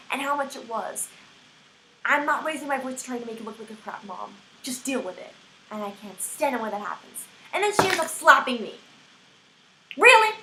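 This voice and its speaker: A woman's voice: a little high, pushed and bright, a little hiss or hum. A young woman with a put-on American accent, ranting to camera in exasperated, swearing bursts. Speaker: vlogger. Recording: echoey room.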